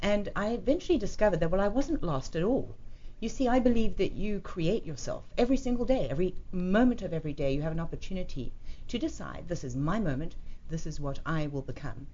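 A woman's voice: fairly low pitch, animated, fast, dark tone. A woman born in England, a radio guest, speaking in an articulate, polished, motivational way. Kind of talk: talk show interview. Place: radio studio. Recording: dull lo-fi radio sound with faint noise.

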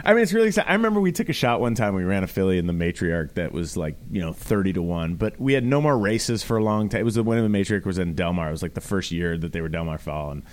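A man hosts a relaxed radio chat with a low, somewhat rough voice, since a cough is going around. He laughs easily and gets animated. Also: quick pace, hardly any pauses. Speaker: radio show host.

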